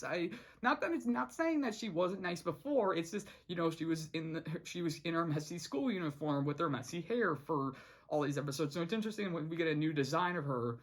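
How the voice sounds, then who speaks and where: A person casually reviewing a cartoon episode for a vlog. They ramble with many restarts and fillers, laugh often, and jump up in pitch when amused.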